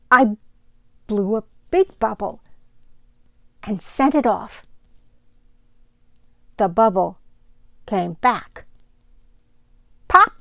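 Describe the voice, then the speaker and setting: A woman reading a picture book aloud for a children's sermon, in a slow, deliberate and expressive way. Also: medium pitch, vocal fry, dry recording, studio quality.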